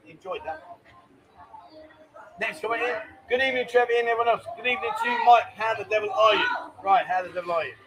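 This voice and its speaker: A man's voice: sits high, background noise. A man hosting a casual live chat show from a bar, joking and teasing the people around him. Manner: jokey, chatty, teasing. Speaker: host.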